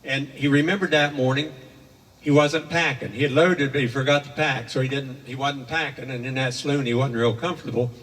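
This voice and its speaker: An older man rambles through a folksy story full of homespun asides and fillers, heard from a distance in an echoey hall. His medium-pitched voice is fairly quick, a bit bright, with fairly even intonation.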